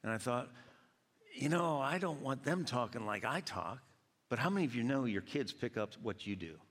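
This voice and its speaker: A man from Georgia delivers a sermon in a church hall, shifting into animated storytelling with voiced quotes. His voice sits at an ordinary middle pitch. A long reverb from the hall trails after each phrase. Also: moderate pace. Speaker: pastor.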